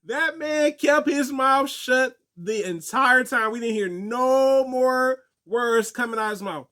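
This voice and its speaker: A young man telling stories and answering viewer questions in a casual, animated way, laughing often. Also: very high voice, slow. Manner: animated storytelling, laughs often, acts out quotes. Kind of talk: casual chat.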